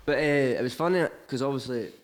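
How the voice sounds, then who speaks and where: A man's voice: medium pitch, fast talker. A young Scottish man, a DJ guest, telling stories in casual chat and acting out what others said. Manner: storytelling, acts out what others said.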